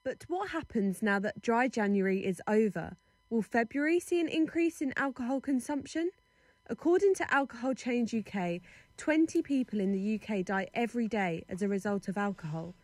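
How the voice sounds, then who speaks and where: A woman reporter reading a clear, scripted news piece. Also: fairly high pitch, animated, normal speed, a little mellow, no echo.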